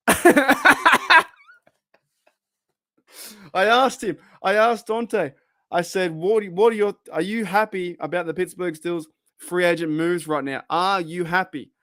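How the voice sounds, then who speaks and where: A man's voice: high-pitched, slow, pauses often, bright, forceful tone, no echo, clean studio sound. A man with an Australian accent hosting a fan live stream, chatting casually, laughing often and trailing off into restarts. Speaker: fan channel host.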